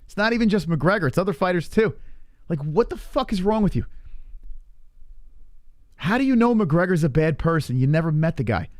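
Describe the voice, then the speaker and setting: A man's voice: fairly high pitch, lively intonation, normal speed, pauses often, a little mellow, dry recording, clean studio sound. A man hosting a live stream and ranting casually, heated and full of profanity.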